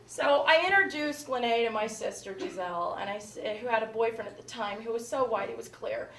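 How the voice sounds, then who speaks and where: A woman comedian telling a comic family story in an animated way, acting out relatives' voices. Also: on the high side, normal speed, creaky. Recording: live stage, far mic, echoey, noisy crowd.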